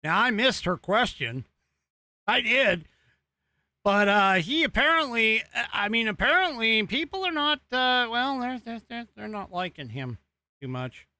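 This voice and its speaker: Male host, American accent, unhurried, bright voice, dry close sound, exasperated and rambling. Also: very high voice, lively intonation, no echo. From United States. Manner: rambling, exasperated, sarcastic asides. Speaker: podcast host. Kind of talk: casual political commentary.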